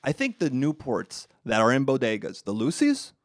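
A man's voice: mid-range voice, moderate pace, no echo, studio quality. A young man hosting a casual comedy podcast, telling stories and laughing often. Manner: joking, animated storytelling, laughs often. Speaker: podcast host.

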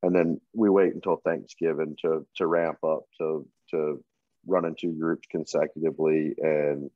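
A man who works as a hunting outfitter, talking casually on a podcast in a relaxed, plain-spoken way with many fillers. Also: a bass voice, normal speed, no room sound. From Kansas. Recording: dry, slightly dull podcast mic.

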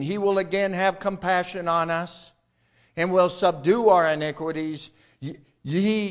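Man preaching a sermon, high voice, slow deliberate pace, emphatic rises and quiet drops, calls for amens. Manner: calls out to the congregation for replies. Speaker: pastor.

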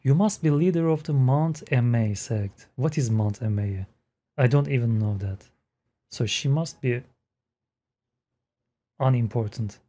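A man hosting a reaction video, excited and laughing as he talks at the screen in casual commentary. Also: mid-range voice, measured pace, long pauses. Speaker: reaction channel host.

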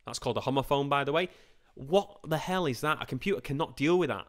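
Chatty man teaching a revision class. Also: mid-range voice. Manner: chatty and informal, asks and answers his own questions; lively, playful put-on voices and quick asides. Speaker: computer science teacher. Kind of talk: live-streamed exam revision lesson.

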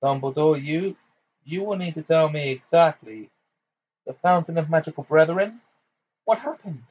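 Man voicing a flustered middle-aged minister in a storybook reading, raised and loud, gasping bluster, slightly muffled recording. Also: fairly high pitch, normal speed, breathy edge, pitched above the performer's own voice.

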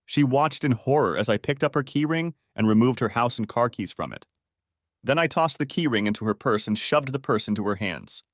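A man's voice: mid-range voice, expressive, a little fast, dry recording. Man narrating a story in a dry room. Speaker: audiobook narrator. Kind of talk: first-person story narration.

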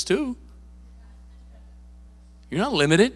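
A male pastor preaching a sermon in a church, casual and emphatic, with quick asides and repeated words. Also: on the high side, expressive, bright, forceful tone. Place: church sanctuary. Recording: long reverb of a church hall.

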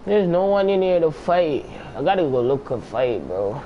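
A man's voice: a little high, big pitch swings, normal speed, lo-fi sound, a little hiss or hum. A young man giving casual, slangy, profane commentary as he plays a video game, talking to himself between moves. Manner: slangy, profane, talks to himself while playing. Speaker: gameplay commentator.

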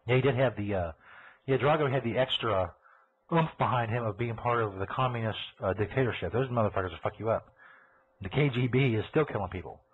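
Speaking fairly quickly at a medium pitch, a man hosts a live podcast and rants with crude sarcasm. The tinny, phone-style recording carries slight background noise.

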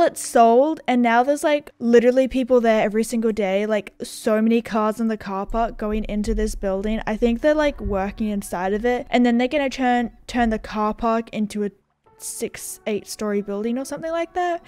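A woman's voice: fairly high pitch, darkish tone, clean tone, dry recording. Chatty young Australian woman gamer. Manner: chatty, self-deprecating, many fillers. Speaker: gaming YouTuber. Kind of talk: casual gaming vlog chat. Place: home room with windows.

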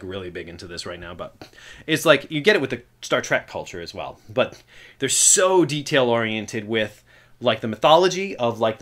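A young man hosting a casual film podcast, rambling and animated, breaking into loud acted-out quotes. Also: mid-range voice. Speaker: podcast host. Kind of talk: casual chat about films.

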